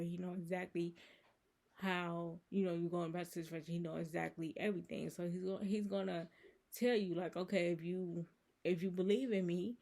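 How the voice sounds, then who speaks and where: A woman's voice: fairly low pitch, gravelly, a little mellow. Earnest woman rambling about faith. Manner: rambling, earnest, many fillers like "you know" and "so it's like". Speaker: channel host. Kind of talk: casual faith vlog monologue.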